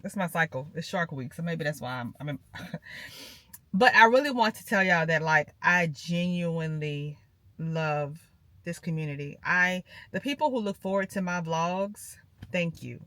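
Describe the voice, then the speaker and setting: A woman's voice: fairly low pitch, unhurried, sharp tone, no echo. A woman chatting casually to her viewers from her parked car, rambling and calling them "girl" and "y'all". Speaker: lifestyle vlogger.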